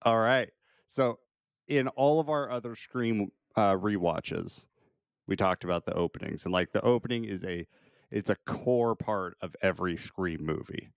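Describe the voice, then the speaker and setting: Man podcast co-host, easygoing, chuckles a lot, lower pitch, no room sound. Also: moderate pace, creaky, no echo, clean studio sound. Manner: relaxed, laughs often, steers the conversation. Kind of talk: casual movie chat.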